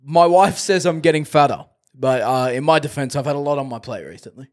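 A man's voice: fairly high pitch, brisk. A young man co-hosting a podcast in casual chat, laughing a lot and running a quiz countdown. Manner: laughing, animated, reads bad jokes and runs a quiz countdown. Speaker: podcast co-host.

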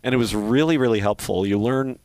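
A man's voice: medium pitch, fairly quick, a little mellow, dry recording. A middle-aged man from Philadelphia with a faint Philly accent, a sports play-by-play broadcaster talking reflectively in an interview, with many restarts and fillers. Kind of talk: casual interview talk.

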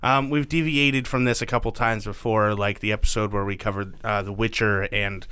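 A man's voice: fairly low pitch, steady tone, moderate pace, sharp tone, clear, resonant tone, dry recording. A man co-hosting a podcast in casual chat, joking and playful, laughing often. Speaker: podcast co-host.

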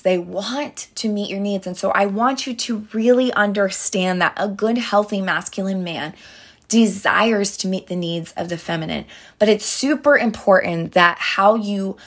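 A woman's voice: medium pitch, a bit bright. Chatty young woman giving dating advice. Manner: chatty storytelling with many fillers and restarts; earnest, addresses listeners directly as girls. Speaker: dating advice podcast host. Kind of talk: casual advice monologue.

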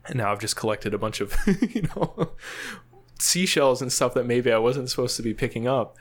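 A man's voice: medium pitch, normal speed. A man guesting on a podcast, telling a casual story full of fillers and frequent laughs. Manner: rambling, laughs often, many fillers. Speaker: guest, field scientist.

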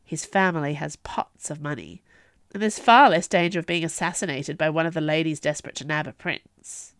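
A woman's voice: deep voice, brisk, no echo, studio quality. A woman voicing a cheerful, frank young princess with a breezy, blunt manner.

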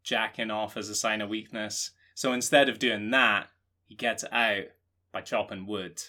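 A Scottish man co-hosting a podcast, riffing through jokes in a deadpan, rambling way. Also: on the low side, normal speed. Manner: deadpan, rambling joking riffs. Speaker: podcast co-host. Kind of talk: comedic casual chat.

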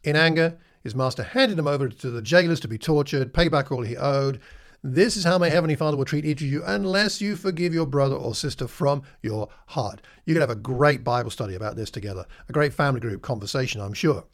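A man's voice: medium pitch, lively intonation, a little fast. A man teaching a Bible class in a conversational way, asking his listeners questions and acting out the lines he quotes.

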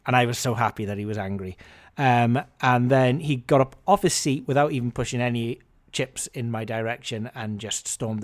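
A man hosting a podcast, telling a story in a casual, animated, wry and self-mocking way. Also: mid-range voice. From Scotland. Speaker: podcast host.

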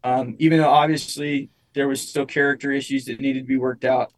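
A man's voice: medium pitch, flat delivery, fairly quick, rough recording. A young man, a musician guest, telling a personal story in casual chat, rambling with lots of restarts and fillers.

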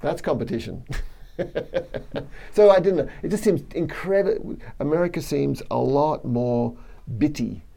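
A middle-aged Australian man with a strongly gravelly, dark and mellow voice talks in a loose, chatty way. As a professor in an interview he laughs often and breaks off to restart his sentences. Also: a little high, lively intonation, normal speed. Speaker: plant biology professor. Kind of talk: relaxed interview conversation.

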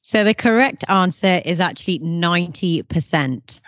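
Lower-voiced woman hosting a quiz. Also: animated, moderate pace, no echo, muffled recording. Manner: playful, bossy about her quiz. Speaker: podcast host and quizmaster. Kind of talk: casual podcast quiz.

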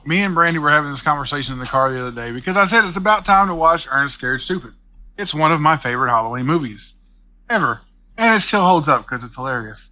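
A man chatting on a podcast, relaxed and opinionated. His voice is slightly high and bright. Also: fast talker, low-quality recording. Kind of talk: casual podcast chat.

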